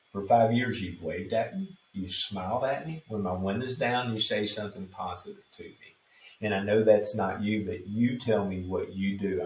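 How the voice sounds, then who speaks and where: A man answering interview questions as a street preacher, telling his stories in a calm, measured way. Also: low voice, recorded from a distance. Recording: echoey room, off mic.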